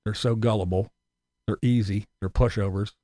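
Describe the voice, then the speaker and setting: A man's voice: fairly even intonation, normal speed, mellow, dry recording. A man ranting angrily to his viewers, swearing a lot and mocking his critics. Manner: profane ranting with mocking high-pitched impressions. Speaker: YouTuber. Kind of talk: angry ranting vlog.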